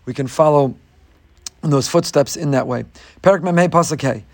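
A man delivers a Torah class at a fairly high pitch for a man. He moves between reading Hebrew passages and explaining them in plain English. His voice climbs with emphasis whenever he poses a rhetorical question. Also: moderate pace. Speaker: rabbi giving a Torah class. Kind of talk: Torah lecture.

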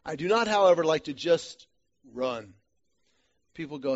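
A man with a slightly raised speaking pitch leads a men's church study group. He tells stories in an animated, self-deprecating way. The sound is a little dull and lo-fi. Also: measured pace. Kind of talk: church small-group teaching talk.

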